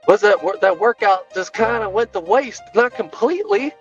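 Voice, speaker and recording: Animated man ranting in his car. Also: sits high, normal speed, lo-fi sound, faint music behind. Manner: animated, jokey, rhetorical. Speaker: podcast co-host. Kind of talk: solo rant recorded while driving.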